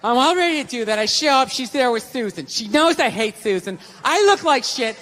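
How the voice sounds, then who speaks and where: A man's voice: extremely high pitch, lively intonation, fairly quick, pushed and bright, heavily acted. A man voicing a chatty young woman who rambles on about her day and her plans. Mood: aggrieved. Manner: rambling, breathless gossip. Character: chatty young woman, gossiping, self-absorbed.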